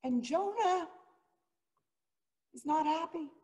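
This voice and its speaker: A woman's voice: extremely high pitch, animated, takes it slowly, warm tone. A woman pastor giving a sermon, telling the story in an earnest, dramatic way. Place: church sanctuary. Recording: long reverb of a church hall.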